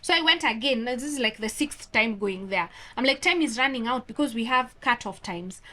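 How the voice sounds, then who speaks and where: A woman from Kenya, an orthodontist guest in a casual interview, telling a story in a lively way and acting out the dialogue. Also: on the high side, moderate pace. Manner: animated, acts out quoted dialogue.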